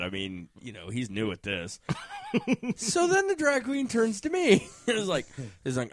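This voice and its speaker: A man's voice: on the high side, big pitch swings, normal speed, no echo, studio quality. A man telling a casual story, often laughing and acting out what other people said.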